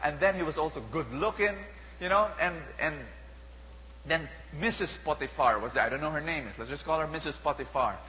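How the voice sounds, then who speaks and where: Bright-voiced Filipino preacher in a reverberant hall. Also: male voice, fairly high pitch, fairly quick. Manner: animated, mixing languages, repeats and rhetorical questions to the crowd. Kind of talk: sermon. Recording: dull lo-fi sound with long hall reverb and faint hum.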